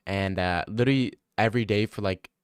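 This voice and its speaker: A man's voice: fairly low pitch, a little fast, clear, resonant tone, no echo, studio quality. A young man streaming, chatting casually, joking, rambling and swearing freely. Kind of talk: casual live-stream chat.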